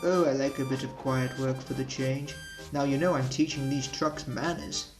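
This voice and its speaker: A man voicing a big, proud male express engine in a storybook reading, slow and gruff. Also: medium pitch, steady tone, over music, natural voice. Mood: friendly.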